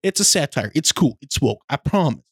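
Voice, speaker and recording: A man co-hosting a podcast, retelling film scenes in casual chat with animated delivery. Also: fairly high pitch, brisk, breathy edge, dry recording. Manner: animated storytelling, slips into a mimicked accent. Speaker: podcast co-host.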